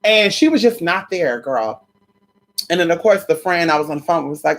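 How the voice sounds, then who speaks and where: A woman telling a story in a casual vlog, sassy and animated, with heavy swearing. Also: fairly low pitch, brisk. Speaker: vlogger.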